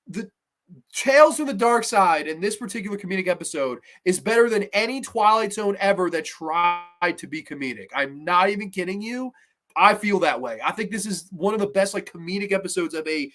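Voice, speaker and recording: A man hosting a horror podcast, casually reviewing episodes with excited, profane chatter. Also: high-pitched. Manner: excitable, profane, laughs while retelling.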